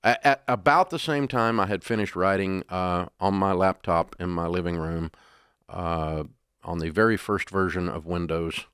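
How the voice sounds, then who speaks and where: Deep-voiced older man, folksy storyteller. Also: normal speed, fairly bright tone, clean tone, no echo, clean studio sound. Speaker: guest. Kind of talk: storytelling interview.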